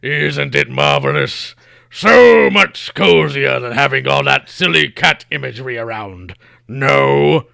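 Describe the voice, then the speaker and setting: A man reading comic lines as a smug, theatrical undead male wizard villain, slow and grandiose. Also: mid-range voice, animated, gravelly, sharp tone, no echo, exaggerated voice.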